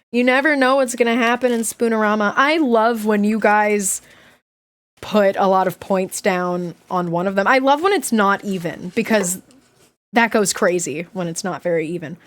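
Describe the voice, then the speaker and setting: A woman streaming live from home, chatting casually with her viewers and breaking into loud, excited squeals. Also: on the high side, a little slow. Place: home room.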